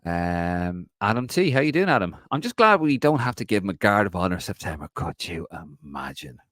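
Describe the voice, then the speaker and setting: A man's voice: low-pitched, sing-song, a little fast, fairly bright tone, no room sound, clean studio sound. A man hosting a casual solo live stream who chats in a rambling way and reads out viewer comments. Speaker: podcast host.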